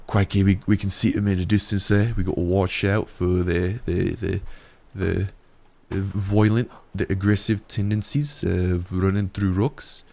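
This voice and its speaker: A man's voice: low-pitched, steady tone, a little slow, vocal fry, hardly any pauses, a little mellow. A man voicing a brash Australian-style male alligator hunter with a put-on Australian accent during gameplay commentary. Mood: excited. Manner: exclaiming, slangy bushman bravado.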